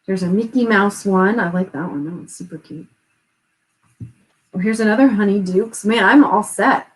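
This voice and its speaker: A woman co-hosting a live stream, chatting casually and gushing with excitement as she unboxes gifts, laughing often. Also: medium pitch, moderate pace, rough recording.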